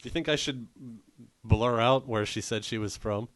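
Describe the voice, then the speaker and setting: A man's voice: medium pitch, normal speed, fairly bright tone, no room sound. A man hosting a podcast, chatting casually with teasing, sarcastic humor and frequent laughs. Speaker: podcast host. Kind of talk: casual chat.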